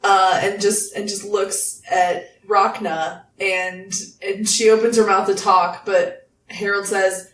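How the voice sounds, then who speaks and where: A woman's voice: mid-range voice, little pitch movement, slow, hardly any pauses, a bit bright. A woman narrating as the game master in a chatty, filler-heavy way. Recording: echoey room, mic at a distance.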